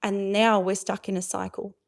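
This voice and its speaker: A woman in her forties, a parenting coach, explaining with lively energy in a podcast interview and acting out what parents and children say. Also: mid-range voice, normal speed, creaky. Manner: expressive, acts out voices of parents and kids.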